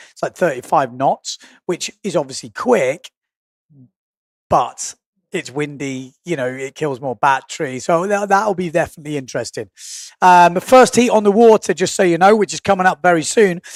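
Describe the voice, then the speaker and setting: A man with a fairly high-pitched voice hosts a stream, giving live sport commentary that is chatty and rambling as he thinks aloud. The sound is clean studio quality with no echo.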